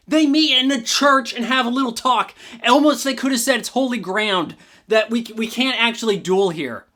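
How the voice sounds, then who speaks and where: A man's voice: extremely high pitch, moderate pace, sharp tone. A man giving a casual movie review, ranting sarcastically and swearing freely.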